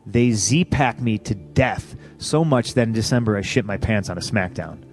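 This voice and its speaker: A man's voice: lowish voice, normal speed, faint music behind. A man in his thirties, a pro wrestler as a podcast guest, telling stories bluntly and with constant swearing. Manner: profane, blunt, animated when quoting others. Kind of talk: casual storytelling interview.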